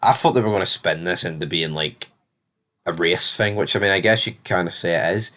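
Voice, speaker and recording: A man's voice: low-pitched, a little fast, pushed and bright. Blunt man recapping a TV episode. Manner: rambling, blunt, opinionated with frequent fillers. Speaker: TV review host. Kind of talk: casual episode recap review.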